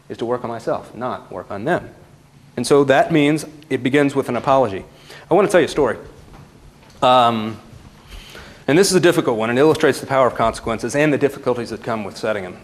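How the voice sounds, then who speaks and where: A man who works as a parenting counselor tells a story to a live audience, shifting animatedly between loud and hushed delivery. His voice is medium-pitched.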